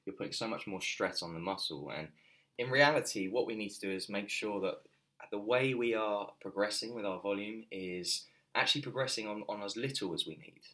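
A man with a deep voice explains training in relaxed podcast talk. He rambles a little, full of ums and self-corrections, like a coach thinking aloud. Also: fairly quick. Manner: loose and conversational, many fillers and restarts. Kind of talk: casual podcast chat.

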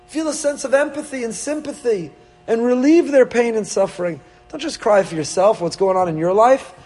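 A man's voice: very high-pitched, moderate pace, darkish tone, faint music behind. A man, a rabbi giving an emphatic Torah sermon, full of rhetorical questions and rising with feeling.

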